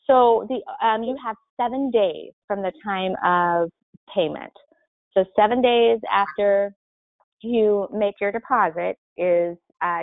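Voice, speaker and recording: A woman presenting in a webinar who answers questions in a clear, helpful, explanatory way. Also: mid-range voice, no room sound. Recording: tinny phone-line sound, dry.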